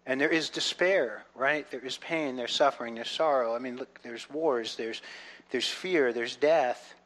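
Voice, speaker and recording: A man giving a conversational Bible teaching, earnest, often checking in with the listeners and swinging between soft reflection and loud excitement. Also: medium pitch, measured pace.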